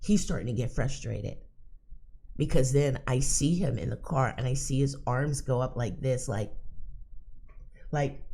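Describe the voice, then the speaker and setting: A woman telling a funny everyday story in a casual, animated way, laughing and acting out the people in it. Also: a bass voice, measured pace, vocal fry, husky. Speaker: psychic reader and channel host.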